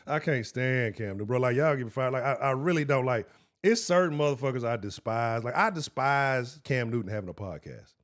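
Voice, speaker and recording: A man's voice: mid-range voice, normal speed. A man hosting a live-streamed sports talk show, heated and profane, talking straight to his chat. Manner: profane, heated and animated, talks to chat directly.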